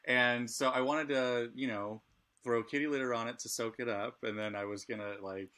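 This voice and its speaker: A man's voice: mid-range voice, fairly even intonation, moderate pace, sharp tone. A middle-aged man co-hosting a casual chat, speaking candidly and laughing often. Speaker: podcast co-host.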